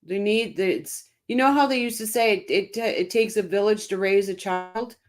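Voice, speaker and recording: A woman's voice: mid-range voice, moderate pace. A woman hosting a casual live-stream, reading out viewer comments by name and answering them with emphatic, impassioned commentary, often repeating her phrases.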